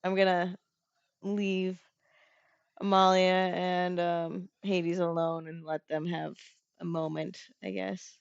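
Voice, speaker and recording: Slow, hesitant woman player. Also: fairly low pitch, flat delivery, creaky, no echo, lo-fi sound. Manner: hesitant, thoughtful. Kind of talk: tabletop play.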